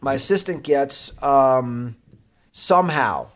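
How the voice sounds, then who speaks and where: A man guest on an interview show, a sports agent, telling a story with lively energy and frequent laughs. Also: medium pitch, slow. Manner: lively, laughing, acts out other voices. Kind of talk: animated anecdote storytelling.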